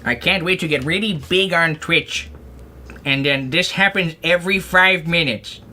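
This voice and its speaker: A man's voice: a little high, measured pace, pushed and bright. A man live-streaming while he crafts, rambling in goofy, playful self-talk with lots of little asides. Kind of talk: casual livestream chatter while crafting.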